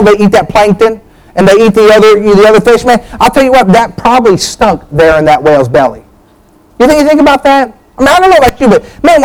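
A man with a notably high voice delivers a lively sermon. His preaching is folksy and animated, climbing higher whenever he presses a point. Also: low-quality recording.

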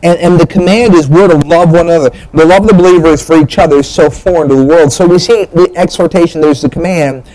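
Male pastor, slightly high voice, lively sermon delivery full of asides. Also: fast talker, few pauses, low-quality recording. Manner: animated preaching with joking asides and restarts.

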